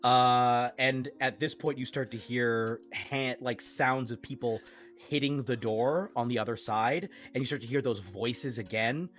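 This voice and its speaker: A man's voice: medium pitch, measured pace, fairly bright tone, faint music behind. Man narrating a tabletop game. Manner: casual, hesitant with many uhs and likes. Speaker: game master.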